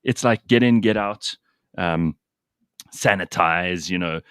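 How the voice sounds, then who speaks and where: Man, very deep voice, dry close mic, casual host chat. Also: slow pace, a bit bright, clean tone, no room sound. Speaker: radio show host.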